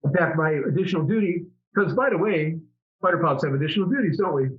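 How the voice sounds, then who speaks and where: A middle-aged man tells stories in a relaxed interview, stumbling over restarts as he goes. His voice sits a little high for a man. The audio is dull and lo-fi. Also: fast. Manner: chatty, rambling, many restarts. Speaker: interview guest, former fighter pilot. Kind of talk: casual storytelling interview.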